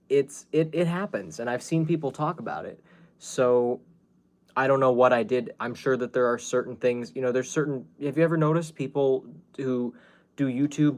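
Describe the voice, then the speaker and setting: A man hosting a casual livestream from home, rambling to his viewers with many fillers and restarts. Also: mid-range voice. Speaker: YouTube livestream host.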